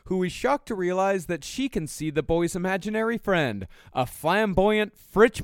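A man's voice: high-pitched, lively intonation, normal speed, clean tone, no echo, clean studio sound. A man co-hosting a podcast, teasing and reading gossip items aloud in casual banter. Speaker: podcast co-host.

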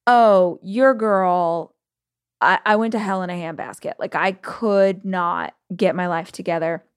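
A woman in her thirties or forties hosting a podcast, talking casually and candidly, telling stories with lively swings in her voice. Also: a little slow, smooth. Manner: chatty, candid, animated storytelling with big pitch swings. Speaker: podcast host. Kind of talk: casual solo podcast talk.

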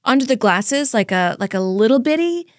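A woman's voice: on the high side, normal speed, dry recording, studio quality. A woman telling a story in casual podcast chat, acting out the people in it. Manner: animated anecdote teller, acts out voices.

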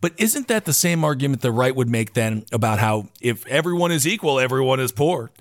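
A man hosting a casual political podcast, animated and swearing freely. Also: medium pitch, a little fast, dry recording, clean studio sound. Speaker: podcast host.

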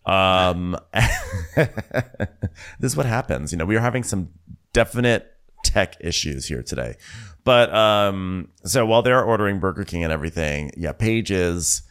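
A man's voice: low voice, moderate pace, smooth. A man co-hosting a podcast, chatting casually over a video call, laughing often and acting out scenes. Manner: animated, laughs a lot, acts out cast members. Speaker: podcast co-host. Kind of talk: casual recap chat. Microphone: remote video call.

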